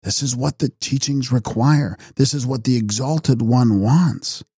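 Man voicing wise young seeker, quiet, kindly, resolved, slow delivery, breathy tone. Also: fairly low pitch, dry recording, clean studio sound. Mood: gentle, resolved.

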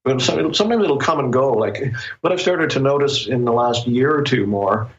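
A man who is an author, talking as a guest in a casual interview, reflective and often pausing to find his words. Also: mid-range voice, dull audio.

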